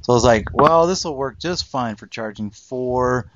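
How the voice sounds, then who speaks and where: A man hosting a casual hobby podcast chat in a relaxed, joking way. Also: mid-range voice, normal speed, muffled recording, slight background noise. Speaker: podcast host.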